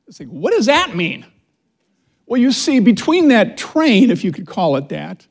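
A middle-aged man teaching a church Bible study as associate pastor, reading scripture slowly and preaching with calls to the congregation. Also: high-pitched. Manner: animated preaching with audience call-and-response; reads scripture slowly and deliberately. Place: church sanctuary before a congregation.

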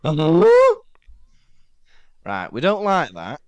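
Welsh male podcast co-host, animated joking delivery, dry close sound. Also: on the high side, drawn-out words, no room sound. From Wales. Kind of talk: casual chat.

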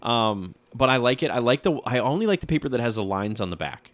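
A man's voice: medium pitch, expressive, fast, no room sound. A man co-hosting a podcast in person, chatting casually in a blunt, grumpy, self-mocking way and swearing now and then. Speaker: podcast co-host. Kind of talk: casual chat. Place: studio, in person.

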